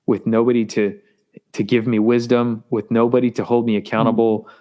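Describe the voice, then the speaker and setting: A man earnestly telling a personal testimony in an interview, halting and repeating words, his voice rising as he gets intense. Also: medium pitch, flat delivery, mellow. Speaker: guest sharing testimony.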